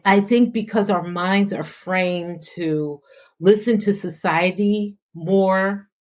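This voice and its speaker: A woman hosting a faith podcast, talking in an animated, preacher-like way with plenty of affirmations. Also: medium pitch, takes it slowly. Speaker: host.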